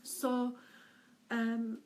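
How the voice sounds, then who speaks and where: A middle-aged woman, a spiritual medium, giving an unhurried, gentle weekly message with soft laughs and hesitant pauses. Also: a little high, monotone, a little hiss or hum, rough recording.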